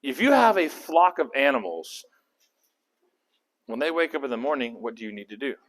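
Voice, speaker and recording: A man's voice: mid-range voice, moderate pace. A man leading a casual Bible study, talking through the passage and asking his group questions. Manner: animated, acts out characters' lines; conversational, asks the group questions.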